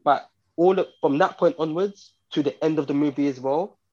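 A husky-voiced man co-hosting a casual podcast, talking through a film review in a rambling, repetitive way with lots of fillers. The audio is muffled and lo-fi. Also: on the high side, normal speed, darkish tone. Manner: rambling, repeats himself, many fillers. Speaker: podcast co-host.

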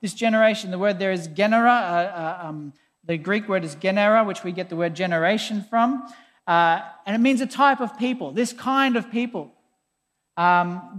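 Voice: mid-range voice, moderate pace, fairly bright tone. A preacher giving a conversational, emphatic sermon, often sounding exasperated. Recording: long hall reverb.

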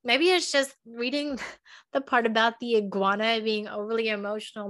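Woman podcast host, fairly high voice, casual solo chat, emotional and quick to laugh. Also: steady tone, a bit bright. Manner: chatty, laughs often between phrases. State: emotional, teary.

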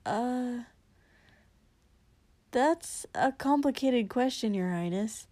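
A woman voicing a gentle, cheerful young man who speaks mildly and carefully. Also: on the high side, animated, slow pace, dry recording. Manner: mild, careful, hesitant.

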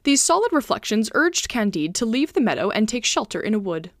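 A woman reading a classic novella aloud with expressive storytelling. Her voice sits a touch high and moves in lively swings, and the recording is dry and close. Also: fairly quick, dry recording. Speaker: podcast reader.

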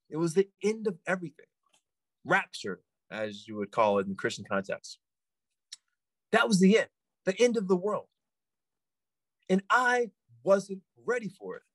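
Man putting on a shaken young guy recounting his apocalypse vision, higher and lively, very dry sound. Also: no echo, heavily acted.

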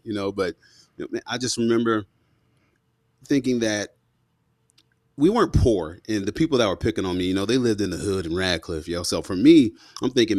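A man in his thirties, a former police officer, telling a story as a guest in a casual, slangy and animated way. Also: mid-range voice, normal speed, pauses often, dry recording, studio quality. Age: 30s. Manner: slangy and animated, full of asides.

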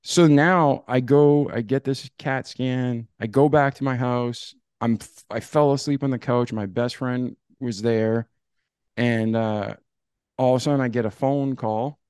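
A man tells his own story in a podcast interview at an average pitch. He talks casually and animatedly and acts out old conversations as he goes. The sound is dry and close. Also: unhurried, smooth, no room sound. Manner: animated, acts out dialogue with "I'm like". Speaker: podcast guest.

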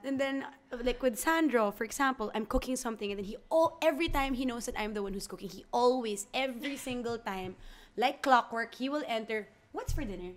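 A woman, a podcast guest talking candidly, warmly, with frequent stammered restarts and laughs. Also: on the high side, brisk. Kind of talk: candid conversational interview.

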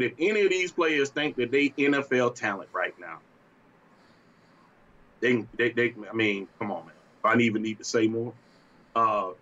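A man's voice: mid-range voice, sharp tone, highs cut off. A man co-hosting a casual sports talk show, ranting in a fiery, exasperated way and breaking into laughter. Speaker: podcast co-host.

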